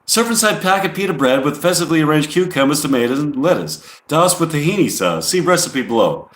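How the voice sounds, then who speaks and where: A man's voice: on the high side, very animated, fairly quick, a bit bright, reverberant, voice pushed up. A man voicing a female rock singer in a put-on New York accent, reading out a recipe list in a raised voice. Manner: reads ingredient lists in a raised, sing-song put-on voice.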